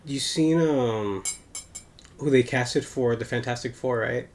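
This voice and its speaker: A man's voice: medium pitch, takes it slowly. A man co-hosting a podcast in casual chat, talking in a laid-back, hesitant way with trailing phrases. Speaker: podcast co-host.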